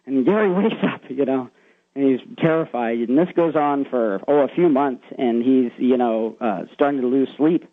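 Calling a radio program, a man earnestly passes along a secondhand story, using lots of fillers. He speaks in a mid-range voice at a moderate pace over a tinny phone line, without echo.

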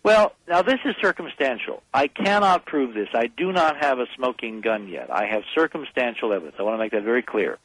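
A man talks as a guest on a radio call-in show, pressing his points with urgent emphasis. His voice sits at an ordinary pitch and comes through a dry broadcast sound with no room echo. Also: lively intonation, a little fast, hardly any pauses, fairly bright tone, breathy edge. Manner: emphatic, urgent, rallying the audience.

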